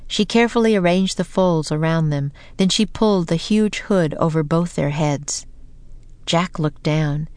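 A woman narrating a children's storybook in a calm, measured way, slowing for suspense. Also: low voice, no echo. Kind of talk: storybook reading.

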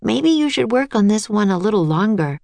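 A woman's voice: mid-range voice, very animated, normal speed, vocal fry, a little mellow, no room sound, pitched above the performer's own voice. A woman reading aloud, voicing a cautious, bookish young boy in a storybook who speaks hesitantly.

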